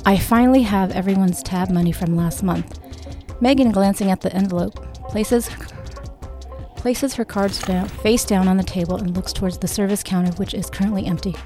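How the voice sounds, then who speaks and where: A woman's voice: medium pitch, moderate pace, mellow, soft background music. A woman reading her own novel aloud, narrating and giving the characters' lines with small lifts in her voice. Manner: reads every character in a near-natural voice with small lifts for dialogue. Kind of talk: audiobook read-aloud narration.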